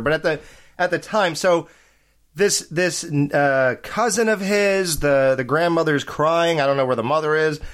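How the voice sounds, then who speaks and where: Chatty man, slightly high voice. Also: a bit bright. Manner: rambling, laughs often. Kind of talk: casual movie chat.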